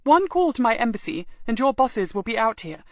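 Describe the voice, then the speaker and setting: A woman's voice: on the high side, very animated, a little fast, no echo, pitched above the performer's own voice. Brief: a woman playing a firm, haughty young British heroine facing down officials in an audiobook, dry close sound.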